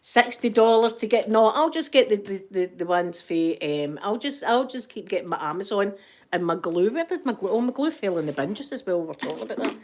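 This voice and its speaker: A woman's voice: mid-range voice, lively intonation, fairly quick. Chatty Scottish woman ASMR host. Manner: chatty, laughs often, talks to viewers in the chat. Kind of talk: casual ASMR chat while knitting.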